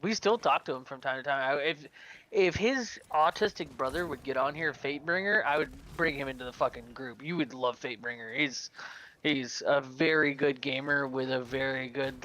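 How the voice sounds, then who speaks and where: A man's voice: medium pitch, sharp tone, poor audio. A man telling rambling, profane gaming stories in casual chat as a podcast co-host.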